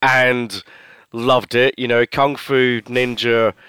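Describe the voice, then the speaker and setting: A man's voice: medium pitch, steady tone, slow pace, a bit bright, smooth, no echo. A man co-hosting a casual film chat, rambling with fillers and restarts and swearing freely. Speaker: podcast co-host.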